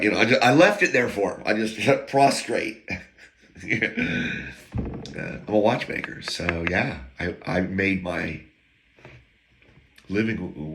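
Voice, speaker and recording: A man's voice: fairly low pitch, pushed and bright. A man telling rambling stories in a casual monologue, laughing between lines and drifting into asides and talk to himself. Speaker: podcast host telling stories.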